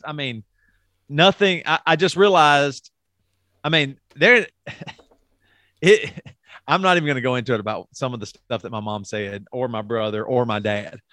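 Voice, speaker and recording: A man's voice: fairly high pitch, a bit bright, no echo. A middle-aged man co-hosting a podcast, talking frankly and at length in casual chat, swearing and restarting his sentences often. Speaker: podcast co-host.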